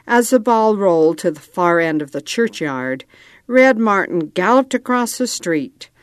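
A woman's voice: mid-range voice, lively intonation, measured pace, dry recording, clean studio sound. A woman reading a storybook aloud, lightly acting out the dialogue.

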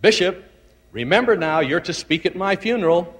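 A woman's voice: fairly low pitch, expressive, moderate pace, big-room sound, voice pushed up, close to an everyday voice. A man voicing a blind, hundred-year-old Scottish widow who bosses him fondly, in a Scottish brogue. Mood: fond, teasing. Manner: fond, gently bossy.

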